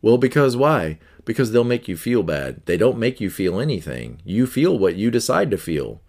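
A man's voice: fairly low pitch, big pitch swings, normal speed, creaky, a little mellow. A man hosting a self-help podcast, teaching in an earnest, conversational way that often repeats itself. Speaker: podcast host.

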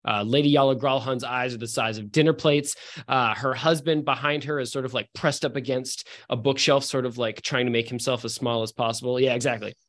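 A man's voice: medium pitch, steady tone, fairly quick, a bit bright. A man narrating as game master in a loose, filler-heavy way.

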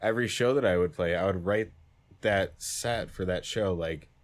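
A man's voice: deep voice, normal speed. A man in his twenties, a music producer, telling stories in a loose, rambling podcast chat. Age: 20s. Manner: loose, rambling storytelling full of "like".

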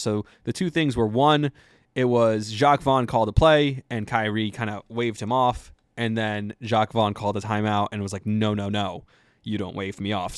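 Low-voiced man in chatty sports talk. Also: no echo, clean studio sound. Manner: chatty and rambling, with many fillers. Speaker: sports podcast host. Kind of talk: casual sports commentary.

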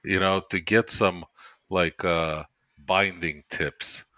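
A man joining a casual podcast chat, joking and halting, with many fillers. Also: sits low, fairly even intonation, bright, forceful tone, no room sound. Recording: dull lo-fi mic.

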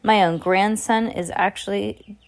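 A woman's voice: medium pitch, fairly even intonation, a little slow, natural voice. A woman voicing an elderly grandmother who speaks patiently and firmly. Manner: patient, firm. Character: calm firm elderly grandmother.

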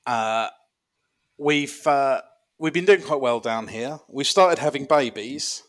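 A man playing a dwarf man who runs an underground fortress, in a comic podcast bit, rambling and deadpan with many pauses. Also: medium pitch.

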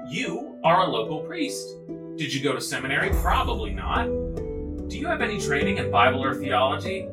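Animated man giving a playful history lecture. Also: mid-range voice. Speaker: podcast host explaining church history. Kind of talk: humorous scripted lecture. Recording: roomy echo, off mic, faint music.

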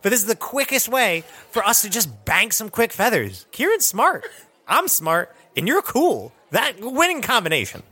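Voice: medium pitch, huge pitch swings, normal speed, bright, forceful tone, slightly rough. A player in a tabletop game, talking in character with a hyped, playful cheerleading manner.

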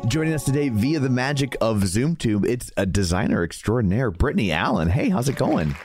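Lively-pitched joking male co-host. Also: fairly quick, faint music behind. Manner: joking, laughs often. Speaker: podcast co-host. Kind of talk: casual chat.

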